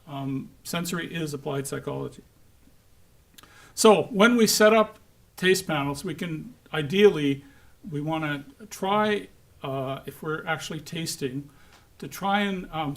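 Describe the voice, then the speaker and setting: A man giving a conference lecture to a live audience, lively and joking with the crowd. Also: fairly high pitch, normal speed. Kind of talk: conference talk.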